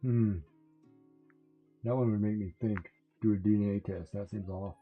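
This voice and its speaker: A man's voice: fairly low pitch, steady tone, normal speed, narrow, tinny audio, soft background music. A man in casual chat who tells stories, acts out voices and laughs often.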